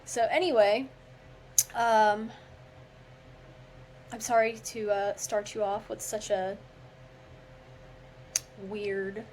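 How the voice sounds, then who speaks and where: A woman's voice: mid-range voice, level tone, very slow, long pauses, darkish tone, a little hiss or hum, poor audio. A woman podcast host reading a poem aloud with theatrical flair, tripping over words now and then, then chatting casually with lots of filler. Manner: theatrical recitation with stumbles, chatty filler-heavy talk after. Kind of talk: dramatic poetry reading then casual chat.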